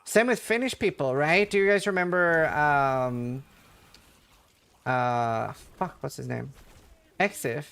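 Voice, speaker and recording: A man's voice: a little high, takes it slowly, creaky, pauses often, a bit bright, clear, resonant tone. A game streamer with a light Norwegian accent rambles easily to his chat, with plenty of "like" and "uh" in his talk. He is a man from Norway, and he slips into playful accent imitations now and then. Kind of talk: casual chat with chat readers while gaming.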